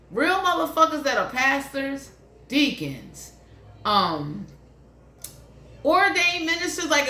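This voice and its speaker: A woman's voice: sits high, bright, forceful tone. A woman giving a blunt, profane tarot reading in a casual, ranting monologue. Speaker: tarot reader. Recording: echoey room, faint hiss.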